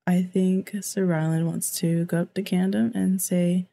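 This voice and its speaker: A woman's voice: lowish voice, little pitch movement, moderate pace, gravelly, few pauses, mellow, soft background music. A woman hosting a let's play, chatting casually over her game, exclaiming and joking, and reading out what the characters say in her own voice. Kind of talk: casual gameplay commentary.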